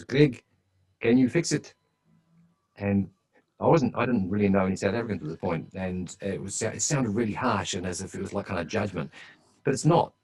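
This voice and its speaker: A man's voice: sits low, a little mellow, rough recording. A man speaking as a guest on a podcast interview, telling stories in a chatty, enthusiastic way.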